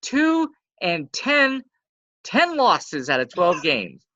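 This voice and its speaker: A woman's voice: on the low side, slow pace, no room sound. A woman co-hosting a casual podcast, running through league standings. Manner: rundown of standings with lively ups and downs. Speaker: co-host. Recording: dry, dull lo-fi audio.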